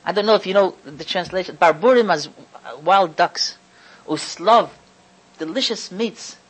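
A woman teaching a religious lecture to an audience, stressing key words slowly and often restarting phrases as she thinks aloud. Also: on the low side, husky, poor audio. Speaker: Torah lecturer.

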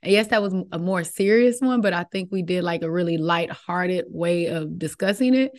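A woman's voice: lowish voice, normal speed. A woman co-hosting a podcast, chatting casually in a giggly, rambling way. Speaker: podcast co-host. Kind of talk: casual chat.

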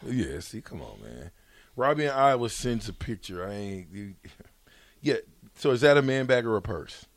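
A man's voice: on the low side, normal speed, no echo. A man hosting a radio show in casual banter, reading listener texts aloud with a playful, teasing manner. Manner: playful, teasing, laughs often, animated. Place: radio studio.

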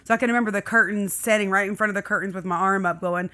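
A woman's voice: mid-range voice, rapid-fire. A woman in her thirties, a guest on a podcast, chatting casually and acting out the people in her stories. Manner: animated storyteller who acts out quoted people. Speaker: podcast guest, host's wife. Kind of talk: casual chat.

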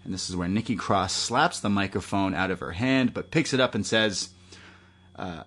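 Co-hosting a podcast, a man recaps wrestling in a casual, rambling chat full of jokes. He has a fairly low, fairly bright voice and talks at a moderate pace.

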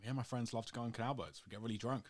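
A man's voice: medium pitch, rapid-fire, darkish tone. A man co-hosting a casual chat, teasing and mock-outraged, laughing often as he banters.

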